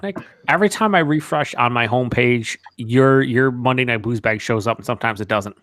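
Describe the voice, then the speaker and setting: A man's voice: mid-range voice, a little fast, fairly bright tone, dry recording, clean studio sound. A man chatting casually on a beer show, laughing often and swearing freely. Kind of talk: casual chat.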